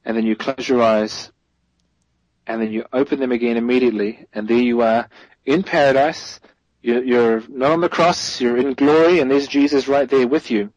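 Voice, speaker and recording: Husky-voiced man explaining carefully. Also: medium pitch, fairly even intonation, moderate pace, darkish tone, no room sound, poor audio. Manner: thoughtful, self-correcting, rising emphasis on key points. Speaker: guest theologian. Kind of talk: explanatory interview answer.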